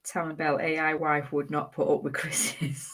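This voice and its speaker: A woman's voice: low-pitched, little pitch movement, normal speed, fairly bright tone. A middle-aged woman co-hosting a casual live chat, reading viewer comments, teasing and laughing often. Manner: giggly, teasing, laughs a lot.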